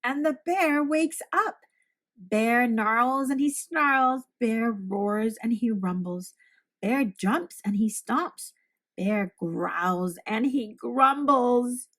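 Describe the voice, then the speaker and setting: Woman reading a children's picture book aloud, slow, expressive, fairly high voice.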